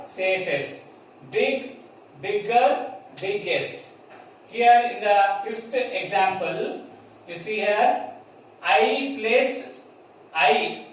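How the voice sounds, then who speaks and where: A man with an Indian English accent teaching a grammar lesson to children, slowly spelling out words and checking whether they understand. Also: sits high. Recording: echoey room from far off, faint noise.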